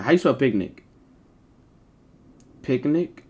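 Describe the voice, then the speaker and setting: A man's voice: medium pitch, animated, measured pace, long pauses. A man livestreaming, chatting casually to his viewers in rambling slang full of swearing.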